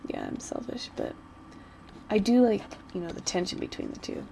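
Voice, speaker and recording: A woman's voice: mid-range voice, huge pitch swings, normal speed, gravelly, warm tone, slight background noise, low-quality recording. A woman vlogger chatting casually while she doodles, rambling and giggling like a gushing fan.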